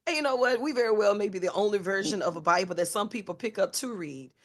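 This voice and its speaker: A woman hosting a casual radio interview, playful and quick to laugh, with Southern slang. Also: a little high. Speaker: radio host.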